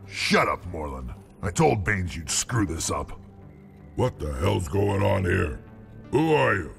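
A man's voice: deep voice, sing-song, takes it slowly, gravelly, faint music behind, full character voice. An actor voicing a pushy male thug in a video game, blustering and threatening. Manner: threatening, then defensive. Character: blustering human thug, adult man, pushy.

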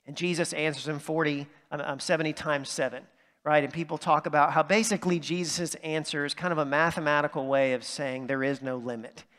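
A man preaches a sermon in a church sanctuary, keeping it conversational and often tossing in "right?" to check in with listeners. His voice is a little high, steady and fairly bright, he speaks briskly, and a long reverb tail follows his words.

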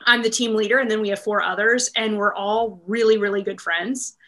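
A woman's voice: mid-range voice, fairly even intonation, fairly quick, pushed and bright. A woman in her thirties from Maryland, chatting in an interview about her work as a real estate team leader, upbeat and full of laughs and fillers. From Maryland, USA. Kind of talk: casual interview chat.

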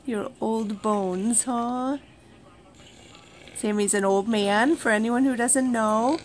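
A woman at home in the morning, talking unhurriedly to her pets and her viewers, cooing to the animals in a soft, doting voice. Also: a little high, steady tone, slow, slight background noise. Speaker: pet owner vlogger. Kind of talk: casual talk to pets and viewers. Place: at home indoors, early morning.

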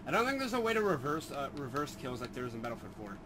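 A man's voice: medium pitch, sing-song, fast, bright, forceful tone, slight background noise, poor audio. A man playing a shooter with a friend, explaining the game bluntly and swearing casually. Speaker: gamer. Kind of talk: casual gaming banter.

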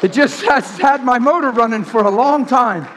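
A male preacher delivering a fervent, excitable sermon, swinging between shouting and hushed tones. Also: very high-pitched, normal speed, a faint crowd. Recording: reverberant hall.

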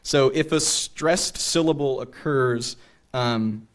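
A man's voice: medium pitch, slow pace. Man giving an explanatory lecture. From Greater Boston. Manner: explanatory, checks in with the audience by asking "right?". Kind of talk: public history lecture. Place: theater stage.

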